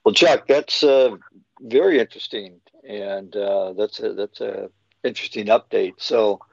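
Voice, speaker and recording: Gravelly folksy male podcast host. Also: fairly low pitch, unhurried, no room sound. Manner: folksy, relaxed, draws out fillers. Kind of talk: podcast panel hosting. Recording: dull lo-fi call audio.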